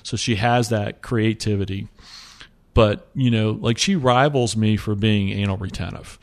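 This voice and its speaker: A man who runs a company, talking casually in an interview, relaxed and rambling with lots of fillers. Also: on the low side, unhurried. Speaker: company CEO.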